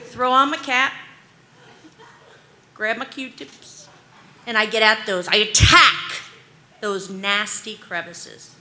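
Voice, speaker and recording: A woman in her forties tells stand-up stories in a bright, fairly high voice. She rambles through them with constant "like" and "um," and pokes fun at her own anxious nature. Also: slow, long pauses. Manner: rambling, animated, heavy use of fillers like "like" and "um"; self-deprecating, anxious humor. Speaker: stand-up comedian. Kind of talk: stand-up storytelling.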